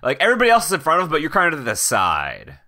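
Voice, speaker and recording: Bright-voiced man running a tabletop game. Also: on the high side, wildly swooping pitch, racing. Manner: casual, laughing, full of "like" and fillers. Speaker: game master.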